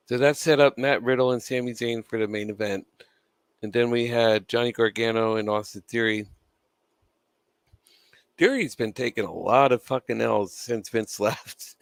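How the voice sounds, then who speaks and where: A man's voice: fairly low pitch, measured pace, long pauses, no echo. A man chewing gum with a dry mouth, giving casual, opinionated commentary as a wrestling news vlogger, swearing freely and laughing between points.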